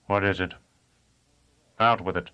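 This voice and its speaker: A calculating conspirator, guarded and deliberate, as a man voices him in this storybook reading. His voice sits low, and the recording is dull and lo-fi. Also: steady tone, pushed and bright, clear, resonant tone.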